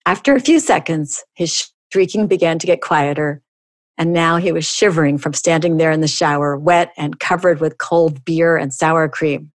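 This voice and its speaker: A middle-aged woman hosting a podcast, reading a comic story aloud with animated storytelling and sudden high jumps for dialogue. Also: moderate pace, no echo. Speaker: podcast host.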